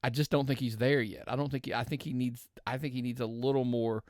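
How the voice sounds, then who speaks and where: A man's voice: medium pitch, steady tone, fast, darkish tone, no room sound, clean studio sound. A man co-hosting a podcast in casual chat. He often restarts his sentences while he works out his opinions. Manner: talks in restarts, working out opinions aloud. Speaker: podcast co-host.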